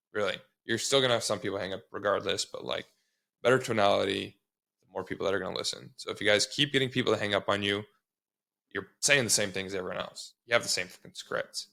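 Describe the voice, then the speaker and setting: Male sales trainer, casual and blunt, a gravelly edge, checks in with the listener constantly. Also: lowish voice, bright, forceful tone. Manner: blunt, swears, repeats "okay?" to check in.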